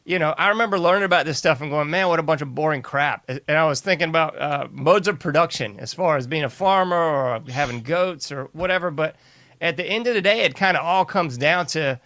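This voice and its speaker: A man's voice: on the high side, a little fast, sharp tone, dry recording. A man hosting a casual interview, laid-back and slangy, often saying man. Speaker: host.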